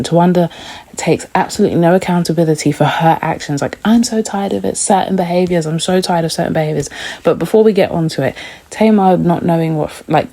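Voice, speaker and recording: A woman with a low-pitched, dark-toned voice hosts a casual TV recap vlog, reacting to and reviewing shows. She's blunt and opinionated and swears freely.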